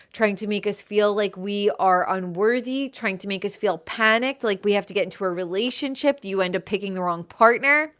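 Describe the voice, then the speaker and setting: A woman's voice: medium pitch, a bit bright, smooth. A woman hosting her own live show, talking in a rambling, emphatic way full of "like". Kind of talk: casual livestream monologue.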